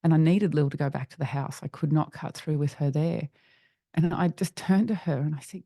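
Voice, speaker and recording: A middle-aged woman, a podcast guest, telling a personal story in an earnest, halting way with frequent restarts. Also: low-pitched, fairly even intonation, vocal fry, dark tone, dry recording, clean studio sound.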